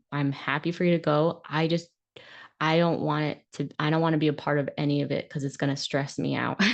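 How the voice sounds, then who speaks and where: A woman's voice: low-pitched, gravelly, a little mellow. A woman hosting a podcast, talking casually and frankly in a rambling, self-reflective way that is often broken up by laughter. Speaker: podcast host and coach. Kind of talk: casual monologue.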